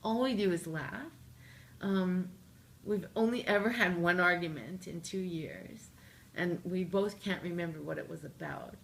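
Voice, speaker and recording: Canadian woman in her 40s, kinda gravelly and lowish, jokey storyteller in an interview. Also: measured pace, a little hiss or hum. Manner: animated, jokey, acts out her own lines. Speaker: interview guest, singer-songwriter.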